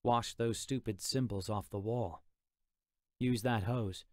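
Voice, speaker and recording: A man reading an audiobook, voicing a gruff male troll warrior who gives terse commands. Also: on the low side, steady tone, slow pace, darkish tone, no room sound, studio quality. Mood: commanding.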